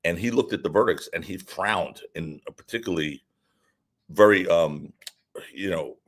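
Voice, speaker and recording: Deep husky-voiced man telling a lively story. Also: normal speed. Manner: animated, lively anecdote-telling. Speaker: defense attorney, guest. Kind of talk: casual interview storytelling.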